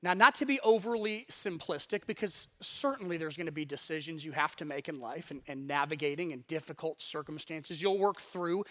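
High-voiced, animated male pastor. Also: a little fast, hardly any pauses. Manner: conversational, emphatic, with many restarts and asides. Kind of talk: sermon.

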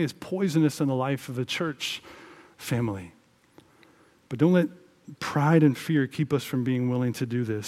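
A man's voice: medium pitch, darkish tone. Earnest male pastor preaching. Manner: earnest, conversational preaching with emphatic rises. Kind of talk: sermon.

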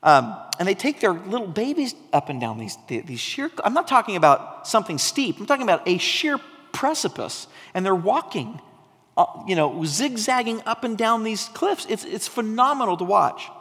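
A man preaching a sermon, telling a story with animation and sometimes dropping to a soft, intense tone. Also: sits high, big pitch swings, moderate pace, breathy edge. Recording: long hall reverb.

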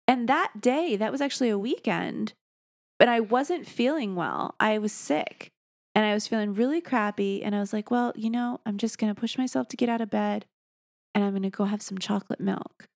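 A woman's voice: mid-range voice, moderate pace, no echo, studio quality. A young woman co-hosting a podcast, telling a story in a casual, self-deprecating way, sleep-deprived as a new parent. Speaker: podcast co-host. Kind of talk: casual chat.

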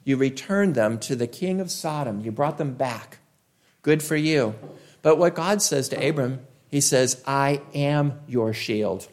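Man, preacher, sermon, emphatic, repeats phrases, deliberate pauses. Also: mid-range voice, darkish tone.

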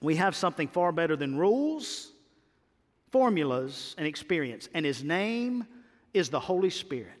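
A male pastor preaching a sermon, repeating phrases and rising to loud exclamations. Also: a little high, sing-song, moderate pace. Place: church sanctuary. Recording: long hall reverb.

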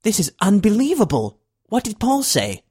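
Man voicing an excitable, impatient president. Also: medium pitch, normal speed, natural voice. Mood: excited. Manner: eager, pressing questions.

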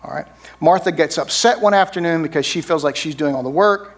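A man's voice: a little high, a little fast. A middle-aged man preaching a sermon as pastor, in a conversational way, often checking in with "right?". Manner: conversational, frequent "right?" tag questions.

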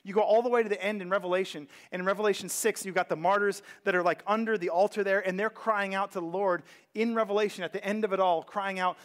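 A man preaching a casual sermon as pastor, talking in a conversational and animated way with many asides. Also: sits high, quick pace. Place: church sanctuary.

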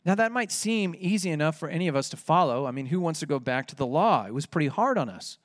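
A man's voice: on the high side, expressive, fast, no echo, clean studio sound. A man preaching a sermon, emphatic and rising when he reads out scripture. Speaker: pastor.

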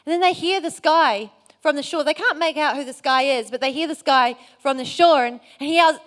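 Woman preacher, earnest storytelling sermon, high voice. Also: brisk, a bit bright. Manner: earnest, storytelling with acted quotes.

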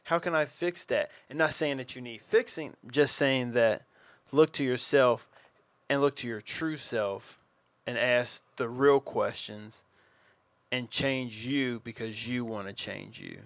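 A man co-hosting a podcast who speaks in an earnest, reflective, measured way. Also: medium pitch, vocal fry, no echo. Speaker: podcast co-host. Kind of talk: casual chat.

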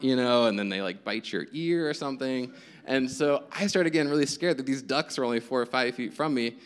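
A young man preaching a casual, conversational sermon as pastor, telling stories with self-deprecating humor. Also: medium pitch.

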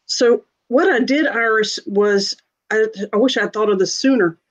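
A woman's voice: on the high side, normal speed. A woman hosting a casual chat, teasing her co-host and steering the talk. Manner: warm teasing banter, leads the talk. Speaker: podcast host.

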